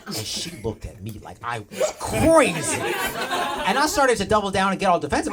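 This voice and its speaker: A man performing a stand-up set on a club stage, telling a story with animated, indignant delivery. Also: high-pitched, normal speed. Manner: animated storytelling, gets loud and indignant in bits. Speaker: stand-up comedian. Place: comedy club stage with live crowd. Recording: live crowd audible. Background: crowd laughter.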